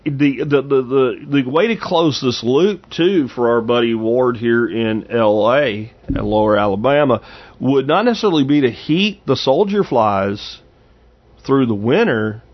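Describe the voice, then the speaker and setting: The speaker is a podcast host in his fifties who rambles casually through anecdotes, often restarting. His pitch is medium and the audio dull.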